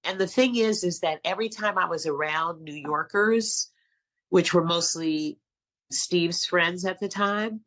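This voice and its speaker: A middle-aged woman from San Francisco, a guest telling animated stories in a casual interview. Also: on the low side, a little slow. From San Francisco, California. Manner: animated storyteller, acts out quotes. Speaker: guest, casting director and acting coach.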